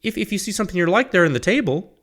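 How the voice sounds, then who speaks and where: Racing and animated, a man with a high, fairly bright voice hosts his own podcast alone. His talk is casual and rambling, and he laughs at himself partway through reading his sponsor plug.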